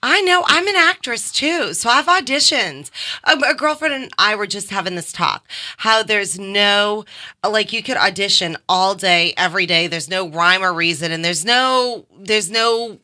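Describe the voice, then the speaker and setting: A woman's voice: mid-range voice, animated, normal speed, pushed and bright, no room sound. A woman comedian and actress, a guest on a radio show, chatting casually and enthusiastically. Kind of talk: casual chat.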